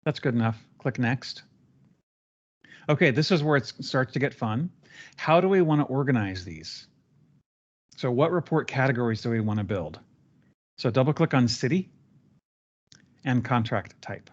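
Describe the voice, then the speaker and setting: Relaxed man teaching software over a call. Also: mid-range voice, normal speed, long pauses, lo-fi sound. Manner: relaxed, talks a trainee through steps with fillers. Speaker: software trainer. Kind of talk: live screen-share training session.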